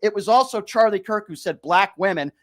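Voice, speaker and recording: A male host on a call-in radio show argues heatedly with a caller, sarcastic and combative, frequently interrupting. His voice is high-pitched, expressive, and a bit bright, and he talks fairly quickly.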